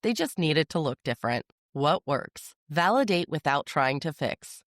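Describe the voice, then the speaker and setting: A parenting podcast host giving a calm, measured, scripted explainer with a steady delivery. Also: medium pitch, dry recording, clean studio sound.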